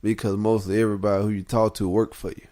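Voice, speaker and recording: A man's voice: on the low side, level tone, fast, warm tone. A man co-hosting a casual podcast, teasing his co-host in a laid-back way and laughing often. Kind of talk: casual chat.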